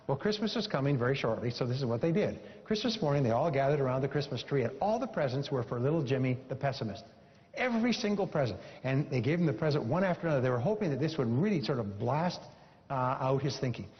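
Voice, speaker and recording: A man giving a live motivational seminar speech to an audience, emphatic and repeating lines for effect, telling a story with animation. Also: on the high side. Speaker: motivational speaker. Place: seminar hall before an audience. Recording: echoey hall, dull lo-fi sound.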